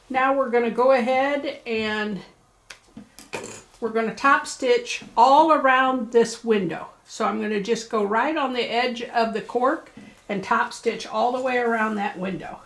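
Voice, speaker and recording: Woman, craft shop presenter, casual folksy tutorial delivery, fairly high pitch. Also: a little slow, fairly bright tone. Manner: chatty, folksy and encouraging.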